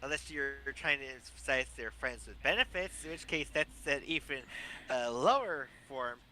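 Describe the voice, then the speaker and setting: A man's voice: medium pitch, animated, moderate pace, pushed and bright, a little hiss or hum, low-quality recording. A man co-hosting a casual podcast chat, rambling and opinionated with lots of fillers. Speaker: podcast co-host.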